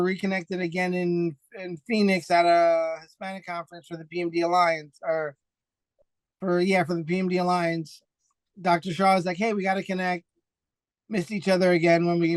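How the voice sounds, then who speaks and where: A man with a raised, bright pitch tells his stories in an animated, excitable rush. He restarts sentences often and slips into the voices of the people he quotes. The sound is close and dry, with no room around it. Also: clear, resonant tone, dry recording. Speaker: podcast guest, foundation founder. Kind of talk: casual interview chat.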